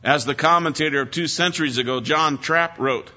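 A man's voice: fairly high pitch, a little fast, sharp tone. A man teaching through a psalm in an earnest sermon, stressing key words with emphasis. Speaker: preacher. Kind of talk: expository Bible teaching. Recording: dull lo-fi recording.

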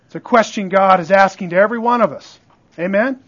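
A pastor speaks fairly quickly in a voice that sits high and sounds fairly bright. His sermon is conversational and full of call-outs to the congregation, though the lo-fi recording is dull.

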